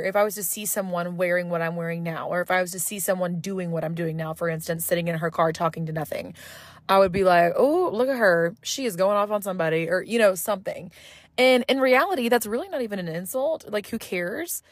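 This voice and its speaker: A woman's voice: medium pitch, no room sound. A woman from Southeast Texas hosting a casual solo podcast from inside her car, talking into a phone held to her mouth, rambling, swearing freely and poking fun at herself. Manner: rambling, profane, self-mocking. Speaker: podcast host.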